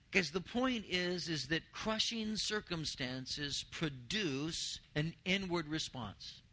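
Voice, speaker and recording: A man preaching a sermon as pastor, who slows down to stress key words. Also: on the high side, sharp tone.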